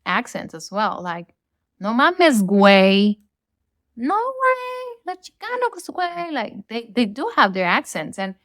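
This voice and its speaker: A woman's voice: mid-range voice, a bit bright, no echo. Blunt Latina woman ranting, dry sound. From Latin America. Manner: blunt, opinionated ranting with casual swearing. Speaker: podcast host. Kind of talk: solo rant podcast.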